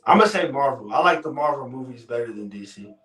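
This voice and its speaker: A man's voice: mid-range voice, animated, fast, fairly bright tone, far from the mic. A young man answering interview questions in a laid-back, easygoing way. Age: young adult. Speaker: college football player guest. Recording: echoey room, off mic.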